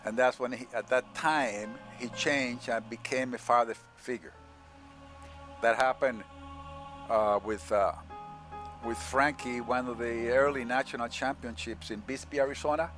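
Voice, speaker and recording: A man, a parent of club riders, speaking haltingly with many pauses in a documentary interview. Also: medium pitch, steady tone, over music.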